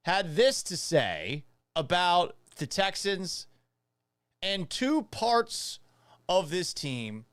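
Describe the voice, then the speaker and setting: A man hosting a sports talk podcast, animated and sarcastic, with a punchy, opinionated delivery. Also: a little high, smooth, dry recording. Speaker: sports radio and podcast host.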